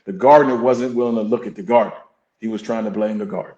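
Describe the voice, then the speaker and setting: This podcast guest is a man who works as a fire captain and coach, and he talks in a quick, steady, dark-toned voice on the low side. He's candid and reflective, pressing his points with an earnest, almost preacher-like force. The audio is dull, with a roomy echo.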